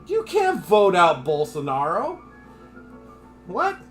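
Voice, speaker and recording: A man's voice: sits high, huge pitch swings, slow, soft background music. A man from the United States ranting his opinions in casual live-stream chat, swearing freely.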